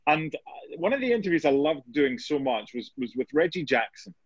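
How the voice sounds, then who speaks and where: A man, a sports reporter, chats as a guest and tells stories with lots of restarts. His voice sits fairly high, and the recording is dull and bone-dry. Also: very animated, slightly rough, no room sound. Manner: anecdotal, fast, many restarts. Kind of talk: casual interview chat.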